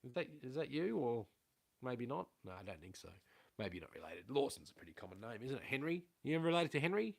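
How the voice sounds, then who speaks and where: A man's voice: medium pitch, big pitch swings, fast, gravelly. A middle-aged man with an Australian accent talks casually to viewers from his home. He wanders off on tangents, drops casual swear words and admits when he is waffling. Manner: rambling, swears freely, self-aware about waffling. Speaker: livestream host. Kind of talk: casual rambling livestream chat. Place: at home indoors.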